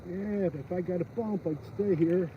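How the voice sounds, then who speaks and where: Out ice fishing, a fishing vlogger chats and jokes with viewers on a phone livestream, rambling along as he talks to them. His voice is high-pitched at a moderate pace, and the outdoor phone audio is dull and lo-fi, with wind in the background.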